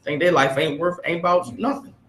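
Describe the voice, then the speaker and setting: The room echoes as a study group teacher, his voice a little high, bright and fairly even in intonation, speaks slightly fast. He reads aloud in a preachy, emphatic way and keeps pressing the listeners with rhetorical questions.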